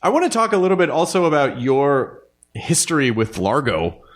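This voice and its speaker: A man's voice: fairly high pitch, very animated, normal speed. A man in his forties hosting a podcast, chatting in a rambling, jokey way. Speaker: podcast host. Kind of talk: casual conversation.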